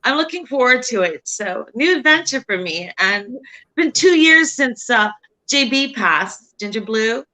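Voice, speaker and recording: A woman joining a casual chat as a guest friend, speaking in a warm, reassuring way. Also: a little high, lively intonation, a little slow, rough recording.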